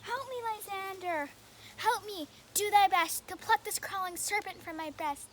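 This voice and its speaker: A frightened young woman waking from a nightmare, played by a young actress in an outdoor youth production. Her voice is very high and bright, and she calls out urgently. Faint outdoor noise sits behind her. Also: normal speed. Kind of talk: outdoor youth stage acting.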